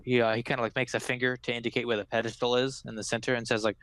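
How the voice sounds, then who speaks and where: A man narrating a tabletop game as game master, with halting, filler-heavy delivery. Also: medium pitch, flat delivery, fairly bright tone, no room sound.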